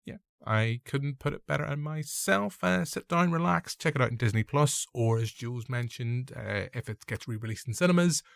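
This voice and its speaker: A man's voice: medium pitch, animated, moderate pace, hardly any pauses, dry recording, studio quality. A man with a Northern Irish accent hosting a casual film review podcast, sounding a little nasal and congested. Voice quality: gravelly, a bit nasal. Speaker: podcast host.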